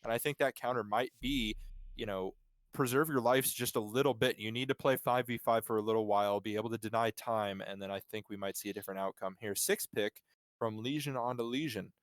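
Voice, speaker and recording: A man's voice: on the low side, fairly quick, no echo. A man giving analytical color commentary on a live esports match, breaking down strategy with enthusiasm.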